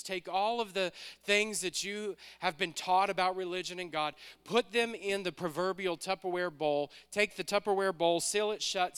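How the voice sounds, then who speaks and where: Male pastor, sermon: high, bright, clear voice, impassioned repeating cadence, church hall reverb. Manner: impassioned, repetitive preaching cadence with slowed emphatic lines. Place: church sanctuary.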